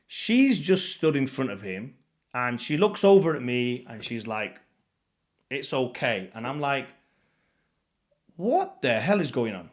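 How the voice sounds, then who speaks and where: A man telling a story to camera in a casual vlog, animated and blunt, swearing freely and acting out the moments. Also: mid-range voice. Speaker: vlogger.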